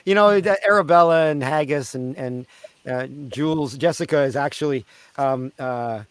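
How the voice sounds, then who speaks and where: A man from Canada tells raucous stories from his years as a street performer, jumping into loud put-on voices for hecklers. His voice sits a touch high, and the recording is close and dry. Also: moderate pace, smooth, no room sound. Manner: animated, shouting out the voices of crowd members. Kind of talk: storytelling in a casual interview.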